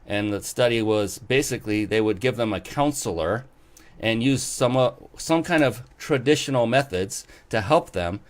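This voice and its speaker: A man hosting an interview show chats casually and enthusiastically, rambling with lots of fillers and restarts. He speaks at normal speed with a medium-pitched, expressive voice.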